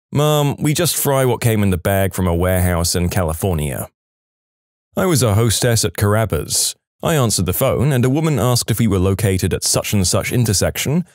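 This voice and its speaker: Male narrator, deeper voice, very animated intonation, dry close-mic sound, deadpan humor. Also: dry recording. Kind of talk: scripted narration of reader stories.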